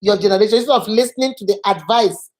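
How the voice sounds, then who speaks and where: A woman's voice: medium pitch, quick pace, darkish tone. A middle-aged woman hosting a channel, giving advice in earnest, emphatic casual talk and repeating words for stress. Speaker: channel host.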